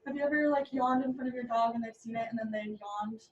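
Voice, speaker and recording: A woman's voice: on the high side, fairly even intonation, fast, distant mic. A woman in casual chat, chiming in with questions about animals. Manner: chimes in with questions. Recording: echoey room, slightly dull sound.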